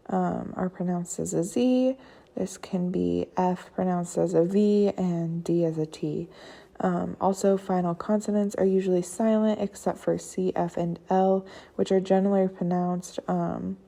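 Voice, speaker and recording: A young woman gives a relaxed class presentation, speaking slowly with plenty of fillers. Her voice is low-pitched, dark and gravelly. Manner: unhurried, frequent fillers. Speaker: student presenter.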